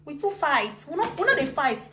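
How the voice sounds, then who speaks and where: A woman's voice: high voice, moderate pace, echoey room, background noise. A woman with a Nigerian accent ranting emotionally on a live video, repeating herself with force. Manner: emotional, repetitive, animated. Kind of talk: heated live-video rant.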